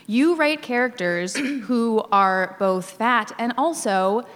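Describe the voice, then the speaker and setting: A woman interviewer asking questions in a measured, composed way. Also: on the high side, a bit bright, in a large hall.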